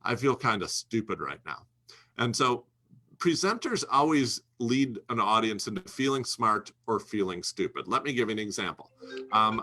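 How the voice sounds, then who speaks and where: A man's voice: medium pitch, sharp tone. A man speaking as a guest, coaching financial advisors in an emphatic, instructional way and repeating his key phrases. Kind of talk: instructional talk to a host.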